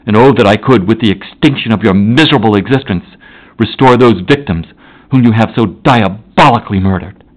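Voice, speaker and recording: A man voicing an enraged, horrified young male scientist in a dramatic audiobook reading, declaiming loudly with a raised voice. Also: fairly low pitch, fairly quick, pitched above the performer's own voice, close to an everyday voice, low-quality recording. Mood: furious.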